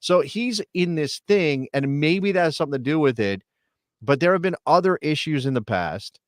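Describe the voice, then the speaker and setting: A man's voice: on the high side, lively intonation, normal speed, no room sound, clean studio sound. Chatty man hosting a live soccer talk show. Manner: chatty, joking, many restarts and fillers. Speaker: podcast host.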